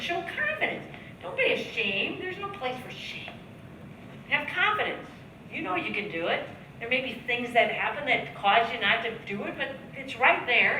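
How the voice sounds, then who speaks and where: A woman giving a motivational sales training talk at a seminar, coaching the audience with rhetorical questions and acted-out sales pitches. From United States. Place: seminar room, heard from a distance. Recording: echoey room, distant mic, faint background noise.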